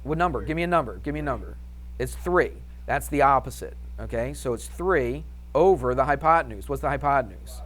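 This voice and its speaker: A male math teacher leads a classroom lesson with an upbeat, chatty manner. He keeps tossing questions to the class and then answers them himself. His pitch sits in the usual middle range for a man. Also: lively intonation, a little fast, a bit bright.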